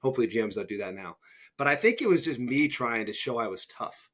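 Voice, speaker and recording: A man's voice: mid-range voice, animated, fast, fairly bright tone. A man hosting a podcast in casual conversation, blunt and swearing freely, acting out his own reactions. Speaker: podcast host.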